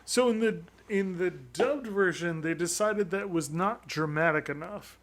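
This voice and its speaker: A man's voice: high voice, a little slow. A man co-hosting a podcast in casual chat, rambling with plenty of restarts and fillers. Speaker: podcast co-host.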